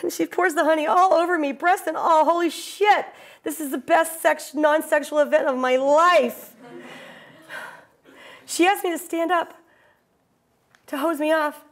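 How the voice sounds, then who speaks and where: A woman's voice: sits high, unhurried, long pauses. A woman performing a wry, breathless theatrical monologue from a solo stage show.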